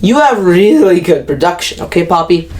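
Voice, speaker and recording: Animated woman ranting in an album review. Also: on the low side, moderate pace. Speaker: music reviewer. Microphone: close to camera.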